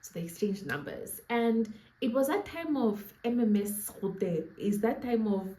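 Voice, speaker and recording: A woman's voice: medium pitch, sing-song, normal speed, dark tone. A young woman with a Namibian accent tells a storytime to her viewers, playful and laughing, with asides to the audience. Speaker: storyteller vlogger. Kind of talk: casual storytime chat. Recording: echoey room.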